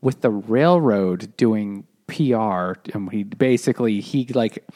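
A man's voice: lowish voice, takes it slowly, mellow. A man co-hosting a casual book chat over beers, retelling a plot in a rambling, profane way. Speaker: podcast co-host.

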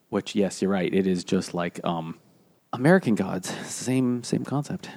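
A book club podcast co-host retells a story in a rambling plot summary full of fillers and restarts, keeping the mood casual. His voice is on the low side and a little mellow, at a moderate pace.

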